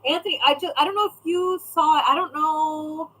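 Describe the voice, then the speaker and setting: Chatty woman livestreaming, higher voice. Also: fairly even intonation, moderate pace, a bit bright, low-quality recording. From California. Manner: chatty, talks to viewers by name, trails off while searching. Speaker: livestream host. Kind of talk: casual livestream chat.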